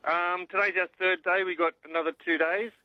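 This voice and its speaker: Older Australian man, quick easygoing caller, raised voice, lo-fi payphone line. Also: high voice, flat delivery, no room sound. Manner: easygoing, says mate constantly. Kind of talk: casual phone-in chat. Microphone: public payphone. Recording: muffled lo-fi phone line.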